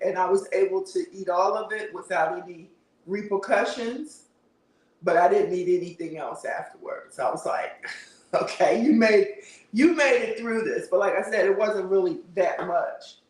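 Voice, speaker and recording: A man with a high-pitched voice hosts a casual livestream, chatting, answering viewer comments, and laughing often. He sounds far from the mic, and the recording is roomy and a bit off-mic.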